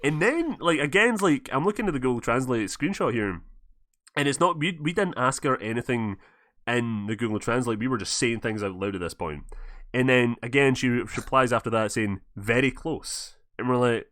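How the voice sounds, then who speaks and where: A man's voice: mid-range voice, moderate pace, dry recording. A man with a Scottish accent tells a story on a casual podcast, swearing freely and acting out the lines people said. His voice sits in a middling range and sounds dry and close, with no room around it. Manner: animated, swears a lot, acts out quoted lines. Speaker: podcast host.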